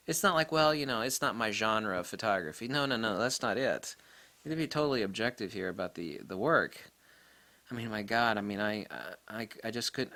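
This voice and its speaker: Male vlogger, casual incredulous rant, bright tone, lively pitch, laughs a lot. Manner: incredulous, rambling, laughs often. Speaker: photography vlogger.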